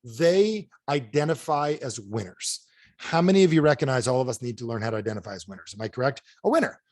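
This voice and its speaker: An American motivational speaker talks on a video call through a close mic, driving his points home with punchy, repeated rhetorical questions. His mid-range voice is animated, quick-paced, and a little mellow. The sound is clean and studio-like, with no room sound.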